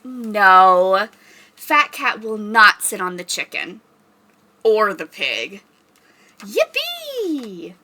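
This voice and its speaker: A young woman rehearsing a children's story time, reading aloud in an animated, sing-song teacher voice and making animal noises. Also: mid-range voice, slow pace, a little hiss or hum.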